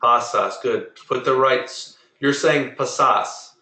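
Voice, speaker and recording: Patient male Spanish teacher, bright voice. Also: medium pitch, echoey room, poor audio. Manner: patient, drills pronunciation slowly. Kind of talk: online class lesson. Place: online video meeting.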